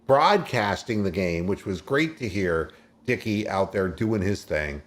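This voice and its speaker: Man, sports radio host, casual talk, very expressive pitch, storytelling. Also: measured pace. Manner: animated storyteller, play-by-play retelling.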